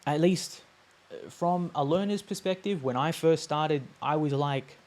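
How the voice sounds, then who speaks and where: A man teaching a language on a live stream, casual and chatty, repeating sounds slowly to demonstrate them. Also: a little high, darkish tone.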